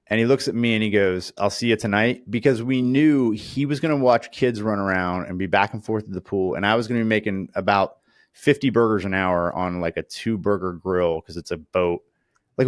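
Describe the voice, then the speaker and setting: A man's voice: lowish voice, a little fast, no echo, clean studio sound. A man co-hosting a casual chat, telling stories with lots of fillers and acting out quoted voices. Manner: animated storyteller, acts out quoted voices. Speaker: podcast co-host.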